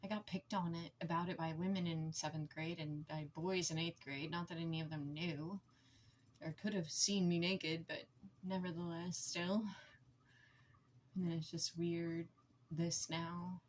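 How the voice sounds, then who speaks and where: A woman in her forties venting to camera in a raw, blunt, heavily profane way, with halting, emotional phrasing. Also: fairly low pitch, slight background noise. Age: 40s. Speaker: vlogger.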